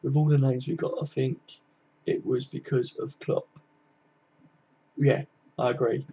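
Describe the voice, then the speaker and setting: A man's voice: medium pitch, little pitch movement, a little slow, creaky, warm tone, lo-fi sound, slight background noise. A man, hosting a casual live-stream chat, chatting loosely and answering viewer comments. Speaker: livestream host. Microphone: computer mic, live stream.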